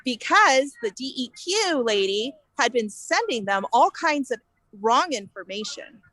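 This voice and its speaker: A woman from California, a guest telling her story in an animated, indignant way and acting out the exchanges she quotes. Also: high-pitched, measured pace, no echo, low-quality recording. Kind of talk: casual interview storytelling.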